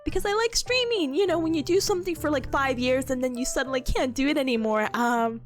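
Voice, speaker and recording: A woman streamer chatting casually, her voice a little sick and hoarse, animated and laughing often. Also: high voice, quick pace, faint music behind. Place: small rented room indoors. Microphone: streaming setup with headphones on.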